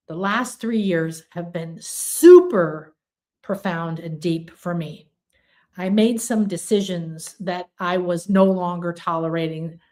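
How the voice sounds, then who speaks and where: Older woman giving an earnest spiritual talk. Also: lowish voice. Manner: earnest, repetitive, affirming; slips into lively acted quotes of her own inner voice. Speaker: spiritual teacher.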